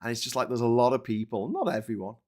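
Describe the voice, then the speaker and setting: A man's voice: medium pitch, big pitch swings, fast talker, a little mellow. A man with a Liverpool accent hosting a live-stream political chat, ranting with stammering restarts and swearing. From England. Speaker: livestream host.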